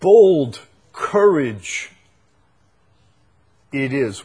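Preacher, male, fairly high voice, slow and deliberate, emphatic repetition. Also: sing-song, slightly rough. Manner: emphatic, swings from loud proclaiming to quiet intensity; repeats phrases for emphasis. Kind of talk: sermon.

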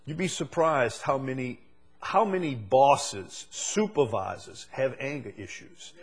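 A man's voice: medium pitch, lively intonation, unhurried, slightly rough. A male preacher giving a sermon, asking the same question again and again and building to emphatic peaks.

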